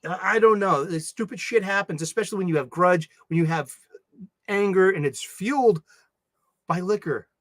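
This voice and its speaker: A man chatting casually on a livestream, rambling and animated, often breaking into laughs. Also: high-pitched, normal speed, dry recording. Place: home studio.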